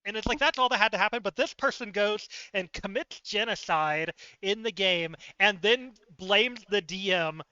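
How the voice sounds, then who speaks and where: A man with a high, smooth voice and a sharp, cutting edge talks through a story in a loose, animated way, full of fillers and laughs. He is recorded close and dry. The sound is a little dull. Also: normal speed, hardly any pauses, no room sound. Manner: chatty and animated, laughs often, many fillers. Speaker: livestreamer. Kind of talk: casual storytelling chat.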